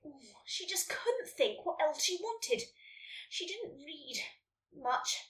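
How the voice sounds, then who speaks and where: Animated woman narrator for a kids' story read, high bright voice. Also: slow pace. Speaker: podcast host reading a listener story. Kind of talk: storybook reading. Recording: roomy echo, distant mic.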